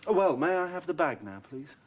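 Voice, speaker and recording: An earnest, awkwardly polite young gentleman. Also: fairly high pitch, very animated, brisk. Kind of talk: 1990s television drama acting.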